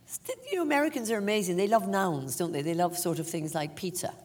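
A woman's voice: fairly low pitch, fast. An older Irish woman, an actress, telling self-mocking stories with lots of laughter in a stage interview. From Ireland. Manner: animated, self-mocking storyteller with frequent laughter. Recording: long hall reverb.

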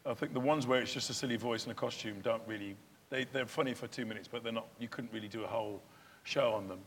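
A man's voice: medium pitch, quick pace, fairly bright tone, slight background noise. A male stage actor talking in an interview, chatty and self-deprecating, often restarting his sentences. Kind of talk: interview chat.

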